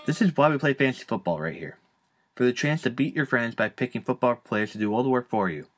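A young man hosting a casual fantasy football podcast, relaxed and joking, with lots of fillers. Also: mid-range voice, fast, a little hiss or hum. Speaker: podcast host.

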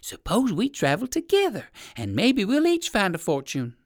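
A reader putting on an excited little circus poodle. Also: normal speed, no echo, clean studio sound. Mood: eager. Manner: high, excited and eager. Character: small friendly male circus poodle. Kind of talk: storybook reading.

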